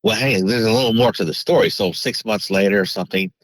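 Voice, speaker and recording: A man's voice: fairly low pitch, steady tone, quick pace, no echo, poor audio. A man, a podcast guest, telling a personal story in a rambling casual way, with many restarts and fillers.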